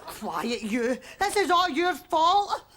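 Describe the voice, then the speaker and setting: An actress with a Glaswegian accent playing a fierce, nagging housewife in a sitcom. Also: female voice, high voice, big pitch swings, slow pace, a crowd in the background, background noise, exaggerated voice. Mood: scolding. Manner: scolding, sharp-tongued. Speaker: sitcom wife. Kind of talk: sitcom acting. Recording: studio audience laughter behind.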